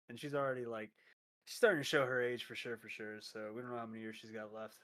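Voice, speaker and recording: A man's voice: medium pitch, fairly even intonation, fast, a bit bright. A man in casual podcast chat as a co-host, easygoing and asking questions.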